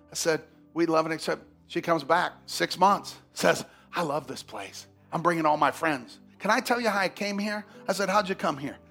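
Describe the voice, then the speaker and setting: A man preaching a sermon as pastor, telling stories with big swings from hushed to shouting. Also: sits high, creaky. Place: church sanctuary.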